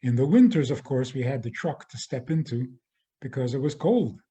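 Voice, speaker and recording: A man, a rabbi, giving a spoken lecture in a measured way, often restarting and repeating phrases. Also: mid-range voice, expressive, dark tone.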